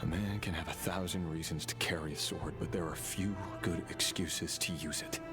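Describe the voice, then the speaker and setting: A man playing a weary, deep-voiced swordsman. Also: natural voice. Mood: grave. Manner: calm, measured and reflective. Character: weary, brooding male swordsman who kills for a king. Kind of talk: game voice acting. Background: game soundtrack music.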